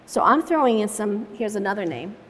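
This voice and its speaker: Brisk and animated, this woman's medium-pitched, slightly bright voice guides a live watercolor demo step by step as she paints. She laughs readily while sharing stories, her words echoing with long reverb in a large room.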